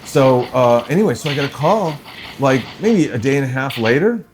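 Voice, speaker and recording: A man's voice: medium pitch, moderate pace, background noise. A man, a film composer and guest, telling stories in casual chat and acting out the people in them. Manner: animated storyteller, acts out phone voices. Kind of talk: casual storytelling while gaming.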